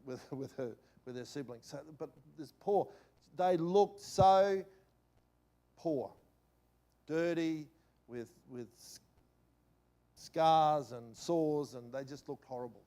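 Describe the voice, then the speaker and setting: Pastor telling a story. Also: male voice, a little high. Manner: animated anecdote-telling with swings in loudness. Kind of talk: sermon storytelling.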